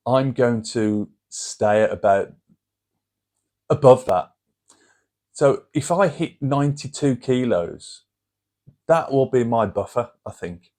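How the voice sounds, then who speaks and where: A middle-aged man with a Brummie accent and a slightly low voice talks straight to camera. His delivery is chatty and rambling, like a host catching up with regular viewers. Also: a little mellow. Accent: Birmingham (Brummie). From England. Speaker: channel host. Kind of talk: casual chat to camera.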